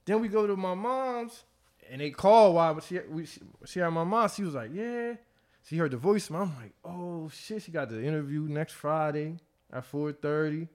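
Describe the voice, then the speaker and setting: A middle-aged man hosting a podcast, telling stories in a loose, profane, animated way with frequent laughter. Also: fairly high pitch, a little fast. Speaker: podcast host. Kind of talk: casual chat.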